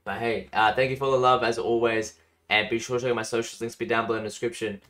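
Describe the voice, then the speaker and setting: A man hosting a casual music reaction video, chatty and enthusiastic, in a morning voice that sits deeper than usual. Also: flat delivery, fast talker, a bit bright.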